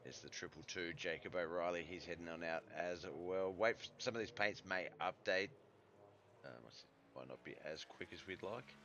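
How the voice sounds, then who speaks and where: An Australian man commentating a live sim truck race in a relaxed, rambling way, with lots of fillers and self-corrections, his voice starting to go. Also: low voice, moderate pace, muffled recording, slight background noise.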